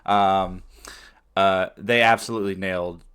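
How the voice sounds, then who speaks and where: A man co-hosting a casual podcast chat, speaking in a measured way with frequent ums and uhs. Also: low voice, fairly even intonation, a bit bright, clean tone. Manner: measured, with many fillers. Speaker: podcast co-host.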